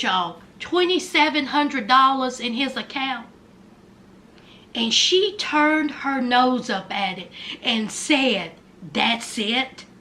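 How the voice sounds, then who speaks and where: A woman with a high, pushed, bright voice gives a casual, sassy recap commentary. She dramatically acts out what people said.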